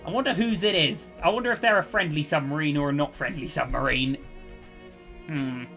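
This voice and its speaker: A man's voice: on the high side, fairly quick, sharp tone, soft background music. A man giving cheerful, chatty commentary over his own strategy gameplay, thinking aloud as he plays. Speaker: let's play host.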